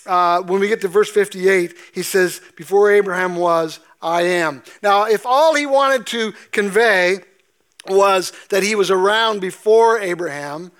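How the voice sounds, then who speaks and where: A man's voice: high voice, unhurried, a bit bright. A man pastor giving a sermon, explaining scripture conversationally with frequent fillers and restarts. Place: church sanctuary.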